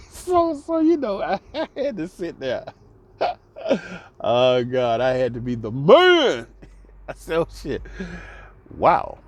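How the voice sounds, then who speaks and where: Laughing man telling a story. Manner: laughs often while telling, drops to soft low tones; conversational, repeats words for emphasis. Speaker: host. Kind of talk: casual storytelling monologue.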